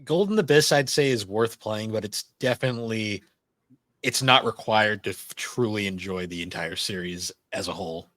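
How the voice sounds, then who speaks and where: A man's voice: fairly low pitch, moderate pace, a bit bright, no echo. A man hosting a casual gaming podcast, talking steadily and reviewing games point by point. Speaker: podcast host.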